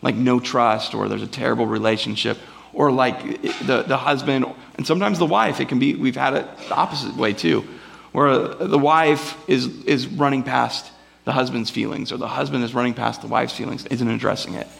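A man's voice: mid-range voice, normal speed, vocal fry, a bit bright. A man preaching a casual, rambling sermon to a church congregation, often acting out the voices of the people in his stories. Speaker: pastor. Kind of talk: conversational sermon. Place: church before a live congregation.

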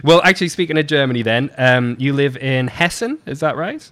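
A man's voice: medium pitch, fairly quick, fairly bright tone. A man hosting a podcast, chatty and self-deprecating in casual conversation. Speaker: podcast host.

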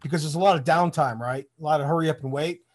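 A middle-aged Army veteran from Michigan, appearing as a guest in a casual interview, tells rambling, profane stories and acts out the voices of people he quotes. His voice is fairly high and he talks fast.

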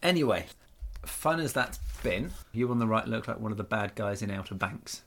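A man's voice: lowish voice, animated, normal speed, a bit bright. A man hosting a podcast in casual chat, joking and rambling with frequent laughs. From Norfolk, England. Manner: jokey, rambling, laughs often. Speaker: podcast host.

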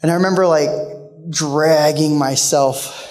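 Male guest preacher, emotional storyteller, voice sits a touch high, reverb from a big hall. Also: steady tone, measured pace. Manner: storytelling, emotional, shifts between loud and hushed. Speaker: guest speaker. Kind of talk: sermon.

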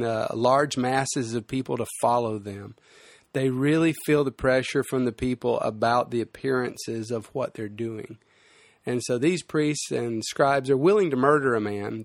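A man's voice: mid-range voice, no room sound, studio quality. A man preaching a sermon as pastor, explaining scripture in a conversational way with frequent fillers.

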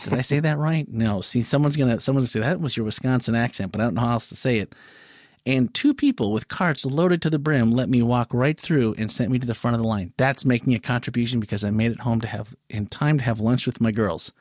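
A man hosting a church podcast in casual chat, animated and jokey, laughing at his own jokes. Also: medium pitch, quick pace, no room sound, clean studio sound.

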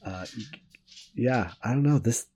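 A man's voice: mid-range voice, measured pace, over music. A man co-hosting a podcast in casual chat, joking and chatty and laughing often as he talks. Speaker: podcast co-host.

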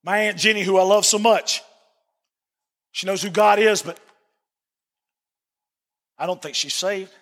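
High-voiced man preaching in a reverberant hall. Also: a little slow, pauses often, a bit bright. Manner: earnest, repeats phrases for emphasis. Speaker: pastor. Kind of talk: sermon. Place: church sanctuary.

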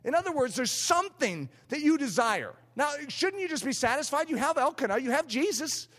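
Man preaching a sermon, fervent and emphatic, voice way up high, big hall echo. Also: big pitch swings, a little fast, a bit bright. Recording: long hall reverb.

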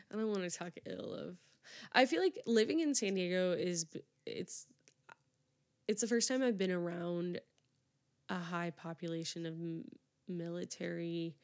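A young woman hosting a solo podcast, chatting casually and rambling with lots of fillers and restarts. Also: lowish voice. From United States. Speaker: podcast host.

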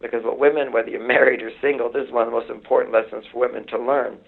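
A man's voice: mid-range voice, level tone, racing, vocal fry, breathy edge. A man in his sixties, a relationship author speaking as a radio guest, lecturing emphatically and building his points through repetition, heard over a phone line. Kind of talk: explaining advice on a radio show.

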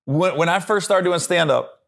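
Animated man telling a comedy story. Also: on the high side, moderate pace, gravelly, crowd noise. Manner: animated storyteller, acts out voices and laughs. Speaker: comedian guest. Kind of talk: casual storytelling on a podcast.

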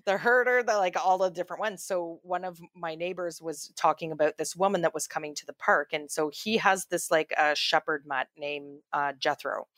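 A woman's voice: fairly low pitch, moderate pace, hardly any pauses, a bit bright, no echo, studio quality. A woman co-hosting a podcast, telling stories in a loose, chatty way with many fillers and restarts. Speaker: podcast co-host. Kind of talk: casual chat.

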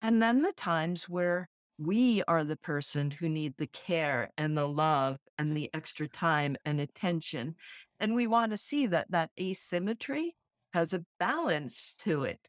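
A woman's voice: low voice, lively intonation, a little slow, dry recording, clean studio sound. A woman from New Jersey co-hosting a podcast, talking in a reflective, conversational way and laughing often. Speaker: podcast co-host.

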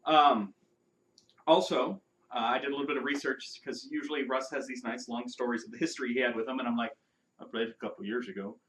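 A man talking casually as a podcast co-host, relaxed and chatty. His humor runs dry and sarcastic, and his voice sits at an ordinary middle pitch. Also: quick pace, low-quality recording. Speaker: podcast co-host reviewing a video game. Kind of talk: casual review chat.

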